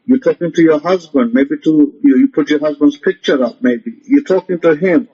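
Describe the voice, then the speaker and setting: A man's voice: fairly high pitch, moderate pace, warm tone, slightly rough. A man giving a motivational religious lecture, emphatic and repetitive, often commanding his listeners. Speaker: rabbi teaching a lecture. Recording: muffled lo-fi audio.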